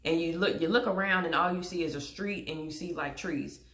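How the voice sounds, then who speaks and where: A woman's voice: lowish voice, brisk, fairly bright tone, echoey room. A young woman telling a story to camera in a blunt, exasperated way, swearing freely. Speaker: vlogger.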